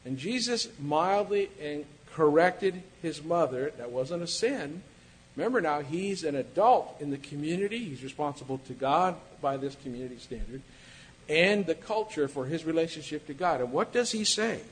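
A man preaching with a slightly high voice, talking in an easy, conversational way. He acts out the quoted lines, changing his pitch and loudness, and a faint rumble sits under the recording. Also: lively intonation, normal speed, poor audio. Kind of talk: sermon.

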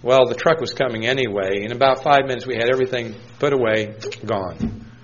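Brief: a mid-pitched man preaching, telling stories between verses, lo-fi recording. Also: fairly quick, a little hiss or hum. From New Hampshire, USA. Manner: storytelling, conversational with scripture quotes. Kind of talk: sermon.

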